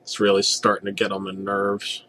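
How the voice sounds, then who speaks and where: A man's voice: fairly low pitch, monotone, moderate pace, pushed and bright. A young man narrating a parody creepypasta with a sarcastic, profane delivery.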